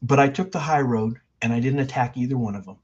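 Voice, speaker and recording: A man's voice: medium pitch, fast talker, a little mellow, slightly rough. An older man hosts a livestream and rants with heat, hammering the same points over and over. His voice sits in a middle register. The stream audio is dull and lo-fi. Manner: heated, repetitive, emphatic. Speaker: livestream host. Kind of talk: ranting livestream commentary.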